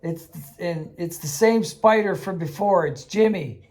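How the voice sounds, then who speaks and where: Man telling a lively game anecdote. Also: high voice, a little slow. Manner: animated, laughing, acts out the voices he quotes. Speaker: game master teaching kids. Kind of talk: casual anecdote storytelling.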